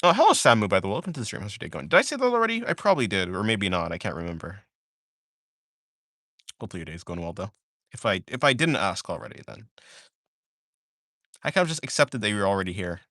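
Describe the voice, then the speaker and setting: A man's voice: fairly low pitch, very animated, fast, long pauses, bright, forceful tone, dry recording, clean studio sound. A young man chatting casually on a live art stream while he draws, rambling and drowsy, often trailing off into mumbles.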